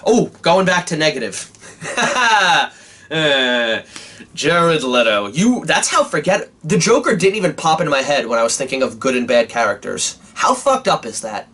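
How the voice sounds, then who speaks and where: A young man giving an animated, casual movie review, swearing often and restarting his sentences. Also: a little high, normal speed, husky.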